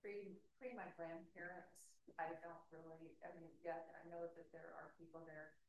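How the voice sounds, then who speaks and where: Low-voiced woman in a roomy space. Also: steady tone, moderate pace. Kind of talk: casual reflection. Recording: roomy with faint hiss.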